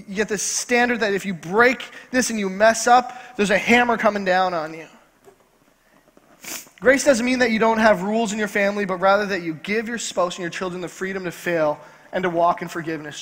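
A male pastor preaching a sermon in a church, driving points home by repeating key phrases slowly. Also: high voice, fairly bright tone. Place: church sanctuary. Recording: long church hall reverb.

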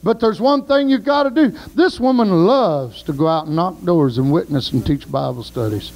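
A man preaching a sermon, telling folksy stories and shouting praise. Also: high voice, animated, normal speed, rough recording.

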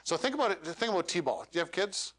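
Male workshop coach, slightly high voice, lively, demonstrates lines with deliberate pauses. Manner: animated, uses dramatic pauses and demonstrates lines. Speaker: speaker coaching elevator pitches. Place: meetup room.

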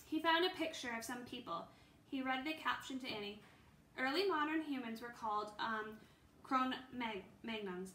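A woman reads a children's chapter book aloud in a gentle storytelling manner, with the occasional slip and correction. Her voice is bright and a little high. The room is echoey, with faint noise behind her. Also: lively intonation, moderate pace. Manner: gentle storytelling with small slips. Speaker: reader.

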